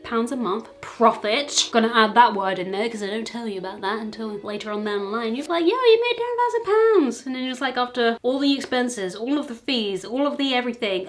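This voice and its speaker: A woman's voice: a little high, a little fast, few pauses, fairly bright tone. A young woman from the UK vlogging in a chatty, self-mocking way. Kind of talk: casual chat to camera. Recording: faint music behind.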